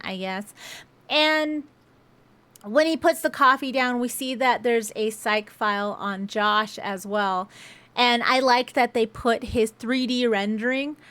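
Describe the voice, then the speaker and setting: A woman's voice: on the high side, a bit bright, no echo. A young woman chattily recapping a film's plot with sarcastic asides, as a movie reviewer. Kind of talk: casual spoken film recap.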